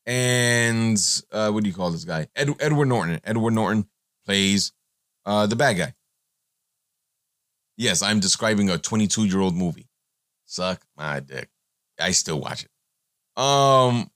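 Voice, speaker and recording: A man's voice: lowish voice, animated, slow pace, long pauses, a bit bright, no echo, clean studio sound. A man hosting a podcast, giving a blunt, profane, rambling monologue with many fillers. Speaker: podcast host.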